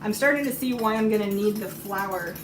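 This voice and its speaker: A woman with a hoarse, fading voice chats casually and rambles while she bakes on a live stream, often laughing. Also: medium pitch, a little fast, noisy background. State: hoarse, losing her voice. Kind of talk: casual chat while cooking. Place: home kitchen. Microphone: iPad microphone. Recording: roomy lo-fi tablet audio from a distance.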